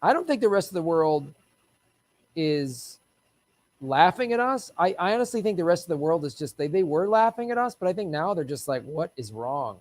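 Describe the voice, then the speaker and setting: A man's voice: sits high, expressive, fairly quick, no room sound. A man hosting a solo political commentary livestream, ranting in an exasperated way, swearing freely and chatting asides to his viewers.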